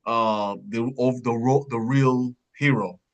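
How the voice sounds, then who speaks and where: A man co-hosting a podcast, chatting casually about a film, rambling and searching for words, his pitch jumping up when surprised. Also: steady tone, slow pace. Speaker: podcast co-host. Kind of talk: casual film review chat.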